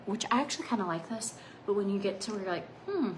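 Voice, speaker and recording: A woman in her thirties chatting casually through a makeup vlog, rambling between asides, her phrase endings often trailing off into a soft near-whisper. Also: medium pitch, rapid-fire, a little hiss or hum, poor audio. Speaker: makeup vlogger.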